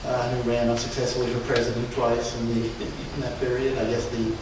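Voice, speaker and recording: A man giving an informal slide presentation at a book event, speaking haltingly with many restarts and fillers and chuckling now and then. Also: mid-range voice, completely flat delivery. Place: event room in a museum. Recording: echoey room, far from mic, background noise.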